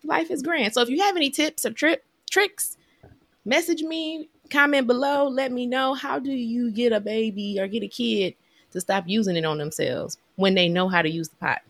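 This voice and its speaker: A woman, chatting casually as a podcast co-host and telling animated stories. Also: a little high, normal speed, dry recording. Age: 30s. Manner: chatty and animated, with lively storytelling. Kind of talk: casual chat.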